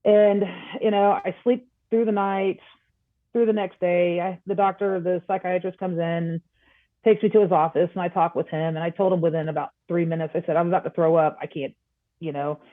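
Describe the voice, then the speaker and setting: A woman guest on a podcast, telling a personal story in a casual, animated way and acting out the dialogue. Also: fairly low pitch, moderate pace, dry recording. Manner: animated, acts out quoted dialogue. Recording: tinny phone-like line.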